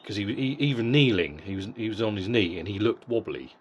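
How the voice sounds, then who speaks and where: A man's voice: lowish voice, expressive, brisk, a little hiss or hum. A middle-aged man giving a casual, blunt boxing fight review, swearing freely and often repeating words as he goes. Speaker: boxing vlogger.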